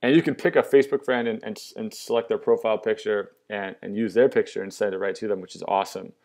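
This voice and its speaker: An upbeat young man talks through an app demo in a loose, casual way. His voice sits a little low, and his delivery is eager and full of restarts. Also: steady tone, fast talker, creaky, darkish tone. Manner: upbeat, enthusiastic, lots of fillers and restarts. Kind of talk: casual product demo walkthrough.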